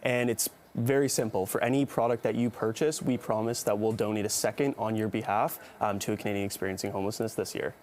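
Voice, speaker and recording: A man's voice: lowish voice, fairly even intonation, fast talker, few pauses, darkish tone. Young man, charity co-founder, earnest, some ums, faint noise. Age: young adult. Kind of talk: TV interview.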